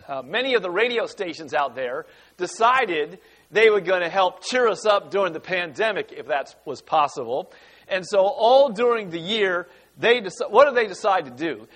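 Middle-aged male pastor, slightly higher voice, folksy church sermon delivery, chatty with the congregation. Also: fairly bright tone. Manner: folksy, conversational preaching with a congregation.

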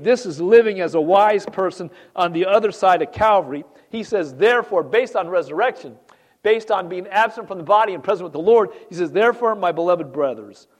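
A man preaching a sermon, reading scripture aloud and asking the congregation questions, swinging from loud readings to quiet asides. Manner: animated preaching, rising loud on scripture and dropping low for asides. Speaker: pastor.

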